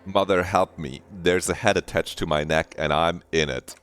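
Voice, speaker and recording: A man's voice: sits low, steady tone, normal speed, a bit bright, smooth, faint music behind. A man voicing a miserable, self-pitying hungover man, pleading and groaning.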